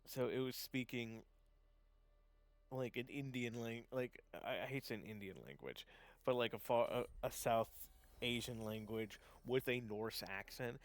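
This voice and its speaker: A man chatting casually on a live gaming stream, rambling with lots of fillers and restarts, laughing often and getting excited. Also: medium pitch, a little slow, dry recording. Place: home setup, gaming stream.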